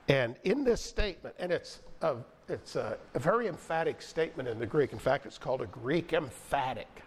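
Measured male preacher reading scripture. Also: mid-range voice, expressive, a little hiss or hum. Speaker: pastor. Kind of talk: sermon.

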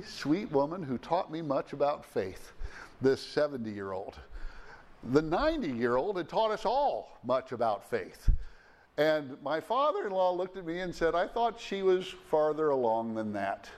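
A man's voice: on the high side, big pitch swings, unhurried. A middle-aged or older man preaching a sermon in an earnest manner, with fillers and restarts, his voice rising to stress key phrases.

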